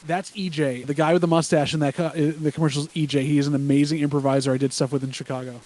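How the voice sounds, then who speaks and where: A man's voice: a little high, little pitch movement, fast talker, darkish tone. Wry man chatting on a podcast. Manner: wry, joking, tells anecdotes. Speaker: podcast co-host. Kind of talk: casual chat, live reaction.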